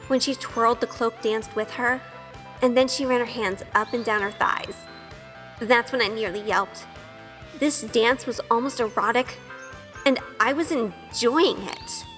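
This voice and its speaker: Shy young woman narrator, earnest and self-questioning, slightly high voice, reverberant with light music. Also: bright, forceful tone. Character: shy, nervous young woman, obsessive and curious. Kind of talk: first-person audio drama narration.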